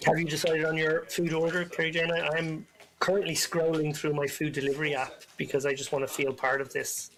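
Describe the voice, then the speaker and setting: Guy on poker commentary, bit high voice, musing, trips over his words. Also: level tone, fairly quick, a bit bright, low-quality recording. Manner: musing, hesitant restarts.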